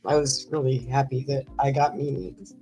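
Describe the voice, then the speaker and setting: A woman's voice: very deep voice, level tone, moderate pace, mellow, slightly rough, faint music behind, poor audio. A middle-aged woman co-hosting a livestream, rambling through stories in casual chat with lots of fillers. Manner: chatty, rambling storytelling with many fillers. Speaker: livestream co-host.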